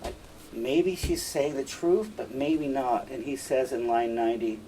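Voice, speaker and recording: A man's voice: mid-range voice, fairly even intonation, unhurried, warm tone. A man teaching a play line by line, paraphrasing the lines in casual, emphatic terms. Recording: distant mic, faint room noise.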